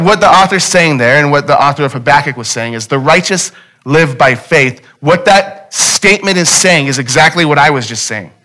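Male pastor, conversational sermon, repeats key lines, bright and forceful tone. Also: fairly high pitch. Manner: conversational, emphatic repetition.

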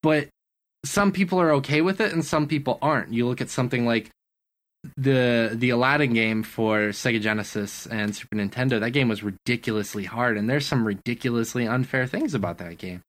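A man's voice: medium pitch, brisk, a bit bright. A man co-hosting a gaming podcast, chatting casually and leaning on fillers like "like". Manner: filler-heavy, says "like" a lot. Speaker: podcast co-host. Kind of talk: casual chat.

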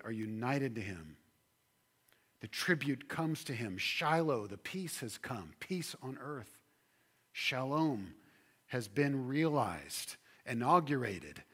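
A man's voice: mid-range voice, a bit bright, breathy edge. A male pastor preaching a sermon, building emphasis and stretching key words.

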